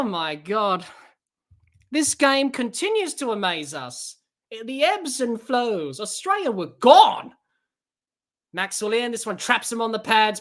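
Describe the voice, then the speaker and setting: A woman hosting a cricket podcast, giving live watch-along commentary in an excitable way, reading out listeners' comments and bursting into shouts at big shots. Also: on the high side. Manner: reads out chat comments and chats to listeners.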